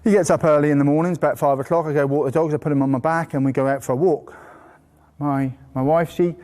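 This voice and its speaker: A man teaching a horse-training course to a live group indoors, telling lively stories and bursting into playful praise voices. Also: a little high, fast talker. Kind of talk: live workshop talk to a group. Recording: long hall reverb.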